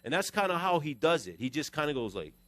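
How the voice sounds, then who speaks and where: Middle-aged male pastor, conversational sermon delivery, somewhat high-pitched, dry close-miked sound. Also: fast talker, no echo. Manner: animated, conversational preaching with shifting volume.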